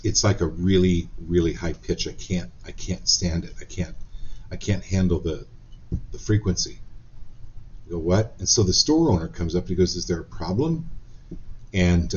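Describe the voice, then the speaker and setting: A man hosting a live-stream card reading, talking gently and encouragingly with frequent ums and restarts. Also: sits low, lo-fi sound, slight background noise. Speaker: psychic card reader.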